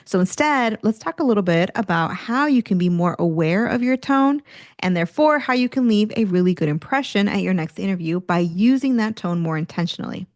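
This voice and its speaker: An energetic woman hosts a career-coaching podcast in a clear, mid-pitched voice. She talks straight to the listener and acts out examples of tone as she teaches. The mic sits close in a dry room. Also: brisk, no room sound. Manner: energetic, demonstrates tone shifts, occasional laughs.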